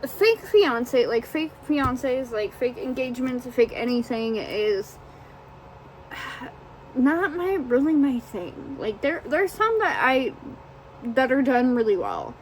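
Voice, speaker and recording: A woman's voice: on the high side, big pitch swings, slow pace, long pauses, a little hiss or hum, rough recording. A woman casually chatting about a book she read, rambling and profane. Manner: rambling and profane, lots of fillers. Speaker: book reviewer. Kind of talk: casual chat.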